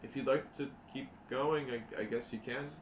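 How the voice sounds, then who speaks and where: A man's voice: medium pitch, steady tone, normal speed, a little hiss or hum. A man narrating a tabletop game as game master. He rambles casually and swears. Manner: rambling, laughing, profane asides. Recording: echoey room, mic at a distance.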